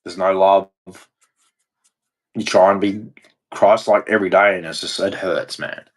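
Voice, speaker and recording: A man ranting on his own, heated and profane, turning preachy at times and swinging between shouting and muttering. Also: low voice, fairly even intonation, measured pace. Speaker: vlogger. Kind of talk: angry solo rant.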